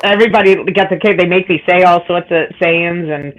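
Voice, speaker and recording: A woman with a deep, raspy voice and a Boston accent, talking fast and laughing easily in casual chat. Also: steady tone, low-quality recording. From Boston, USA.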